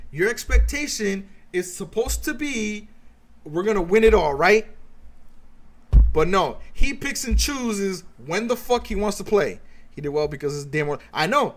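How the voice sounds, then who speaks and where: A man's voice: sits high, a bit bright. A man streaming a heated, sarcastic reaction rant, swearing constantly as he mocks what he watches.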